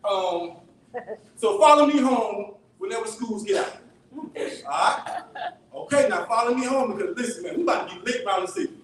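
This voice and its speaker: A man delivers a story-driven sermon in a conversational way, frequently asking the audience "right?" and tossing in asides. His very high voice is animated at normal speed with long pauses, heard from far off in an echoey church sanctuary, with a little hiss or hum.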